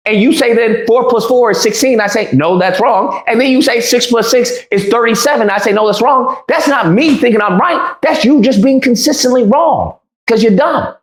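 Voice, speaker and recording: A man's voice: very high-pitched, normal speed, few pauses. A man in a played clip retelling an argument, defiant and repetitive. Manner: defiant, repetitive, lively storytelling. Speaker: interview guest telling a story. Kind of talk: recounting an argument on a podcast. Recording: roomy echo from a played clip.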